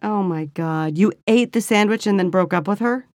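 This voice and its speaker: A woman co-hosting a podcast who teases her co-host with quick, wry comebacks. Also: mid-range voice, darkish tone, dry recording, clean studio sound. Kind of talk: casual chat.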